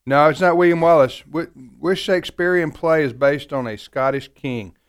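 A man's voice: fairly high pitch, moderate pace, smooth. Joking, rambling man hosting radio trivia. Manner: joking, rambling, self-deprecating. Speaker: radio show host. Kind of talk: casual radio trivia banter. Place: radio studio.

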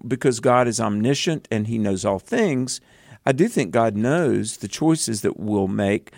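Southern male co-host, Bible teacher, earnest with emphatic bursts, mid pitch, dry studio sound. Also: creaky, a little mellow, dry recording. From American South.

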